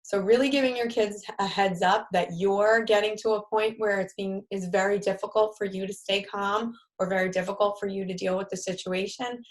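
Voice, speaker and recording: A woman with a New York accent leading a live-streamed parenting workshop, talking conversationally and acting out example phrases for parents to say to children. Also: mid-range voice. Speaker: parenting group leader.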